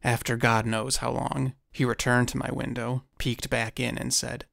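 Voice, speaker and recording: A man narrating a first-person encounter story in a measured storytelling manner with dry asides. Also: medium pitch, level tone, gravelly, fairly bright tone, no room sound.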